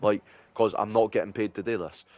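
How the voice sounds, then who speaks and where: A man's voice: fairly low pitch, steady tone, a little fast, no echo, highs cut off. Rambling, swearing Scottish guy. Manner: rambling, heavy swearing, lots of fillers. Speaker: streamer. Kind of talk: casual chat.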